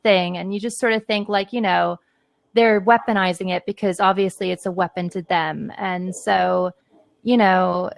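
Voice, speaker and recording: A woman's voice: mid-range voice, steady tone, moderate pace, creaky, dry recording. A woman podcaster speaking as a guest in a casual panel conversation, earnest and reassuring, with many fillers.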